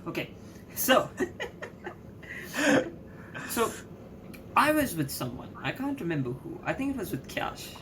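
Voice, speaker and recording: A man's voice: high voice, big pitch swings, a little slow, pauses often. A young man telling a story on a podcast, giggling and rambling with lots of fillers. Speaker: podcast co-host. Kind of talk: casual storytelling. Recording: audible background noise.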